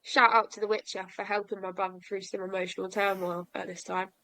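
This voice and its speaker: A woman's voice: mid-range voice, flat delivery, brisk, bright, forceful tone, dry recording, low-quality recording. A young woman telling a personal story to a podcast host, frank and self-mocking, laughing through sad memories. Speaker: podcast guest.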